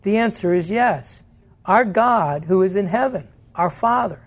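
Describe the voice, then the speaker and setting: High-voiced man preaching a sermon. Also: expressive, unhurried. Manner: earnest preaching with rhetorical questions and answers. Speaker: pastor. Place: church.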